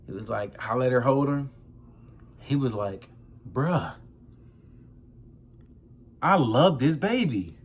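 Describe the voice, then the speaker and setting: A young man, grieving as he tells a personal story in loose, slangy talk, close to tears. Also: medium pitch. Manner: loose, conversational slang, addresses viewers as y'all. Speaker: vlogger. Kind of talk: emotional personal storytelling to camera.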